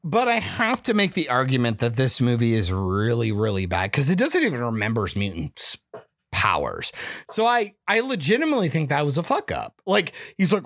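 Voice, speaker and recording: A man's voice: mid-range voice, wildly swooping pitch, brisk, no echo. Guy on a movie podcast, swears nonstop, voice jumps all over the place, dry close mic. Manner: loud, swearing, theatrical mock outrage. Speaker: podcast co-host. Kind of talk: casual movie review chat.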